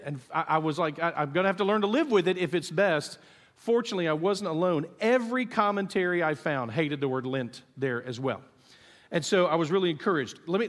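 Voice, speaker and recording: Pastor preaching in a reverberant hall. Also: male voice, a little high. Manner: storytelling, animated, acts out quotes. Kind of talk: sermon. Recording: long reverb of a church hall.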